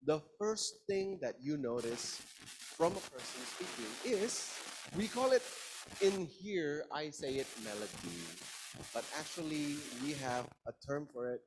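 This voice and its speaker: A man's voice: a little high, slow pace, noisy background. A man lecturing a class in an interactive style, asking his audience questions. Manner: lively, engaging, asks the audience questions.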